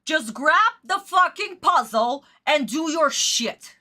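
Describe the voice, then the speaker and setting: A woman's voice: high-pitched, animated, takes it slowly, sharp tone. A woman streamer ranting through a casual live reaction to a cartoon episode, exasperated and swearing a lot.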